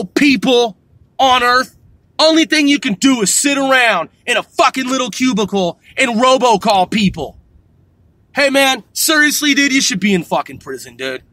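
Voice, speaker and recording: A man podcasting, ranting angrily with lots of swearing and sudden loud outbursts. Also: very high voice, no room sound. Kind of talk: profane rant.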